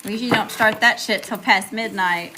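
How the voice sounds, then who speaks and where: A woman's voice: mid-range voice, steady tone, fairly quick, heavy background noise. A woman with a Southern accent doing a live tarot reading, chatty and casual, greeting viewers by name between cards. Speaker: tarot reader.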